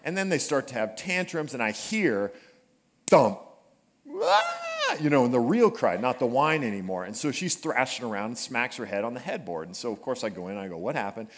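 A man's voice: medium pitch, fairly quick. A pastor preaching to his church, telling a funny personal story and then moving into scripture. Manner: humorous storytelling, animated asides. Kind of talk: conversational sermon. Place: church sanctuary.

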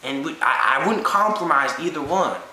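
Sketch comedy: man doing a pompous Southern hick actor, bright, echoey room. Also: on the high side, expressive, moderate pace. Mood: defensive. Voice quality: drawling, rambling, self-important. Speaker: interviewee. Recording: roomy echo, faint hiss.

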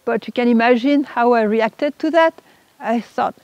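A woman's voice: a little high, moderate pace, darkish tone, dry recording. A woman, a religious sister, telling her personal testimony in an emotional, earnest way. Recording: dull lo-fi recording.

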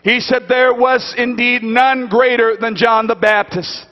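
A man preaching a Pentecostal sermon at a church conference, with emphatic repetition that builds into shouted peaks. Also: very high voice, steady tone, measured pace, dull audio.

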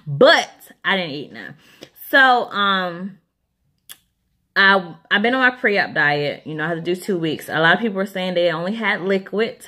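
Bright-voiced chatty woman. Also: lowish voice, expressive, moderate pace. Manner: chatty, rambling, lots of ums. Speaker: vlogger. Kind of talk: casual chat to camera.

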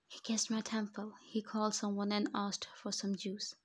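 A woman narrates a romance story, slipping often into a soft whisper. Her pitch stays flat and level, with a middle-height voice. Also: normal speed, husky. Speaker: fan fiction reader. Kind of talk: reading a romance story aloud.

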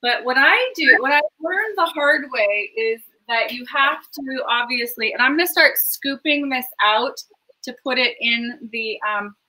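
A woman's voice: sits high, expressive, a little slow, pushed and bright, poor audio. A woman hosting a home cooking show from her kitchen, chatting in a rambling, enthusiastic way about the food as she cooks. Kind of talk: casual cooking chat.

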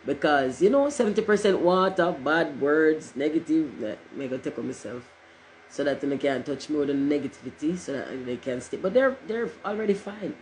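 A woman's voice: sits low, animated, moderate pace, darkish tone, a little hiss or hum, poor audio. A middle-aged woman, chatting casually on a livestream in a rambling, joking way and cursing freely. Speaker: livestream host.

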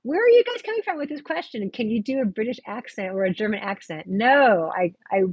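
A woman's voice: fairly high pitch, animated, a little fast, husky, no room sound, highs cut off. A woman with a light Texan accent hosting a casual livestream, chatting and answering viewer questions from comments on her phone. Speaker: movie review host. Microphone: phone on a tripod.

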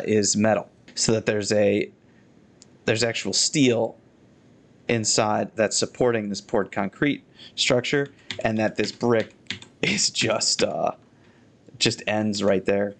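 Excitable man critiquing game architecture live. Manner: chatty and excitable, with frequent restarts and sudden high exclamations. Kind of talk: live gameplay commentary.

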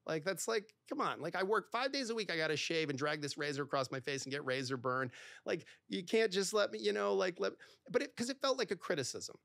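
A middle-aged man, a divorce lawyer and podcast guest, telling stories in a conversational interview. He talks in quick bursts with lots of fillers and acts out bits of dialogue. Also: high-pitched, vocal fry, fairly bright tone, no echo, studio quality.

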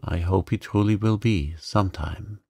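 Guy softly doing a calm gentle young woman, low gravelly voice, slow and resigned, dry sound. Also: no room sound.

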